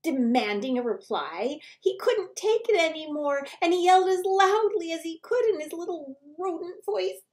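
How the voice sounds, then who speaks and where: A woman librarian reading a picture book aloud to children, animated and theatrical, dropping into whispers for suspense. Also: very high voice, normal speed, hardly any pauses. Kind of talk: children's read-aloud storytelling.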